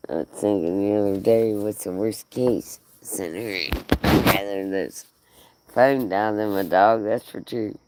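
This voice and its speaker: A woman's voice: a bass voice, slow, long pauses, noisy background. A woman talking casually to the camera and her dog, profane and giggly, slipping into playful baby-talk. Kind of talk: casual rambling vlog to camera.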